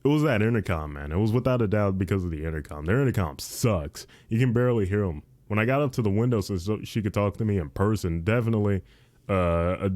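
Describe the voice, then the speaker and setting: A man's voice: sits low, darkish tone, no room sound. A young man hosting a casual podcast, rambling and repeating himself, calling the listener dude. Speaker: podcast host. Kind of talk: casual chat.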